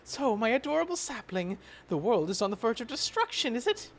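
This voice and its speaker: A man's voice: very high-pitched, sing-song, brisk, exaggerated voice. A man putting on a dramatic fairy voice. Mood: grandly teasing. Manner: sweeping, dramatic, sing-song delivery. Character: grandiose doting fairy, theatrical and teasing.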